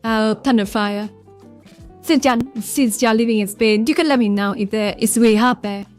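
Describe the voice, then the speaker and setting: A woman's voice: on the high side, moderate pace, a little mellow. A woman with a Vietnamese accent chatting casually on a livestream, rambling and greeting viewers from chat by name. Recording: faint background music.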